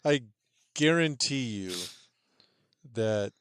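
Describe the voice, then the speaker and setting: A man co-hosting a podcast who laughs a lot and riffs in quick asides. His voice has an average male pitch. The recording is close and dry. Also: animated, smooth, dry recording. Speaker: podcast co-host. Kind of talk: casual comedic chat.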